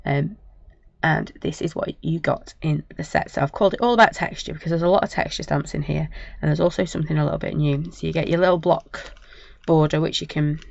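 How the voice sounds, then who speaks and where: A croaky woman hosts a live craft demo, rambling along in a chatty, apologetic way. Her voice is gravelly. The recording is dull and lo-fi. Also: low voice, darkish tone, dry recording. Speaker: craft shop host. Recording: dull lo-fi sound.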